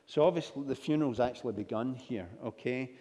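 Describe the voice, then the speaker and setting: Male preacher, mellow, anecdotal sermon, long reverb of a hall. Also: medium pitch, fairly quick. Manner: storytelling, acts out dialogue with asides. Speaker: pastor.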